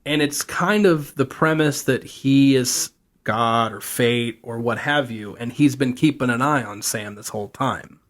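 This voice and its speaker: A man's voice: mid-range voice, measured pace, fairly bright tone. A man co-hosting a podcast in casual chat, telling a TV plot at length and acting out the characters' lines as he goes. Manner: rambling storyteller, acts out characters' quotes. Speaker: podcast co-host.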